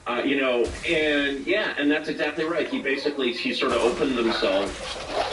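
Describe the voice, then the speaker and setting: A man's voice: medium pitch, moderate pace, reverberant, far from the mic, heavy background noise. A man speaking as an interview guest, rambling with many fillers and acting out quotes. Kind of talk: casual interview talk.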